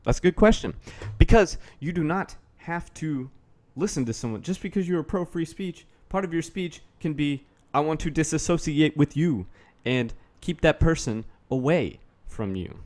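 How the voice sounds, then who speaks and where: A man's voice: a little high, animated, normal speed, few pauses, a little mellow. A man giving a rambling, casual commentary rant, sardonic and full of swearing. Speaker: YouTube commentator.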